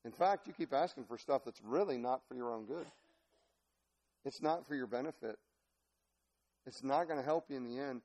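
A man preaching a sermon as pastor, telling a story in an animated, folksy way with laughter. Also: medium pitch, normal speed, pauses often.

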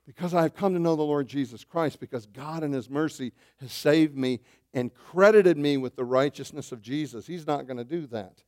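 A man preaching a sermon as pastor, animated, swinging between loud bursts and hushed asides, calling his listeners saints. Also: a little high, normal speed. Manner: addresses listeners as saints, asks questions.

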